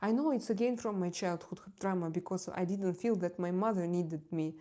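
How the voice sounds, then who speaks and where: Woman tarot reader rambling on a live stream, soft warm tone, lots of uh's and repeats, open and confiding. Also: fairly low pitch, brisk. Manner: hesitant, searching for words, repeating herself; candid and confiding, laughs easily. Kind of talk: casual live-stream chat.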